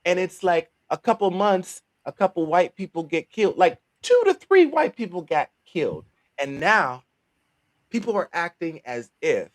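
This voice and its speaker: A man's voice: high-pitched, very animated, moderate pace, no room sound. A man on a podcast speaking in a pained, faltering way that breaks off mid-thought. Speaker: podcast co-host. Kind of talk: emotional podcast talk.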